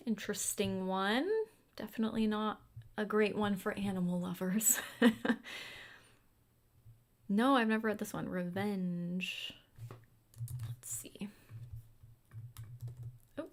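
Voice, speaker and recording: Chatty woman musing over books. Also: medium pitch. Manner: chatty, muses aloud, drops into quiet asides. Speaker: booktuber. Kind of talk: casual chat while carving pumpkins.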